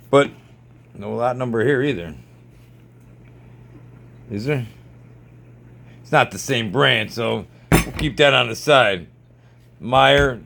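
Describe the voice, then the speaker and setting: A man's voice: medium pitch, gravelly, a bit bright. A man vlogging at home, ranting sarcastically and swearing as he checks jars in his storage. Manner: keeps repeating "see how that works".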